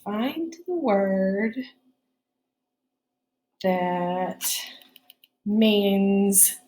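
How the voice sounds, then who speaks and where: A woman's voice: medium pitch, lively intonation, very slow, dark tone, echoey room. A woman teaching a phonics spelling lesson, explaining each step patiently.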